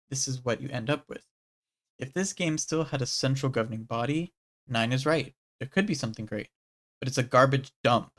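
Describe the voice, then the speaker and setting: Live streamer reading game dialogue aloud. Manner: animated, swings between loud bursts and low murmured reading.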